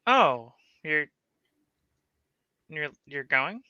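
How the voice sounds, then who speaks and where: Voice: mid-range voice, expressive, extremely slow, sharp tone, smooth, dry recording, lo-fi sound, heavily acted. A player voicing a flustered young woman vampire who stammers and trips over her words.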